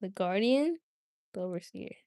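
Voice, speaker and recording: A woman's voice: mid-range voice, animated, normal speed, mellow, dry recording. A woman hosting a livestream, talking casually and giggling as she chats straight to her viewers. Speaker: livestream host.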